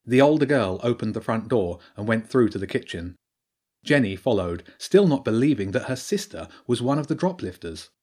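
A man narrating an audiobook in a calm, even storytelling manner. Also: mid-range voice, normal speed.

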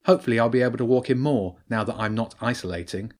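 A man's voice: medium pitch, quick pace, a little mellow, lightly acted. A man voicing a kindly old woman neighbour in an audiobook, fond and a little fussy.

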